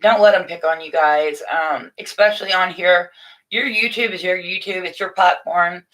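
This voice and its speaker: A middle-aged woman hosting a casual morning livestream, chatting warmly and motherly with viewers from a room at home, with frequent restarts. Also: on the low side, moderate pace. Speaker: livestream host. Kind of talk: casual live chat to viewers.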